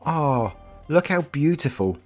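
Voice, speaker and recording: A man voicing a pushy older woman who coos in a drawn-out way, with faint music behind. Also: a little high, very animated, a little mellow, pitched above the performer's own voice. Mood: cooing.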